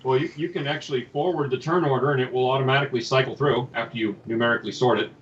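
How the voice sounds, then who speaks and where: A man's voice: medium pitch, steady tone, muffled recording. A man playing an online tabletop game who jokes around and points out rule details. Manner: quick, joking, corrects the rules. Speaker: player.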